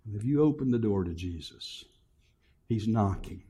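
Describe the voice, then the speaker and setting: A man's voice: on the low side, lively intonation, normal speed. Middle-aged man preaching a sermon. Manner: swings between loud exhortation and soft, hushed delivery; many rhetorical questions to the congregation. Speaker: pastor.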